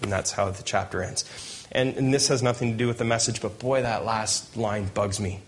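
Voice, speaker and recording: A man's voice: on the low side, fairly even intonation, normal speed, slight background noise. Joking man preaching a sermon. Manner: jokey asides, chuckles while preaching. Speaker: pastor. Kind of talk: sermon with Bible reading.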